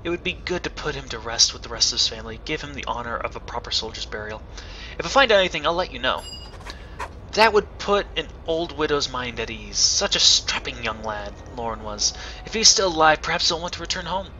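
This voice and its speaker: Man doing a mournful old widow, soft and slow, bright tone, dull recording with faint hiss. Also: mid-range voice, expressive. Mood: sad. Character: worried old village widow, gentle and sad.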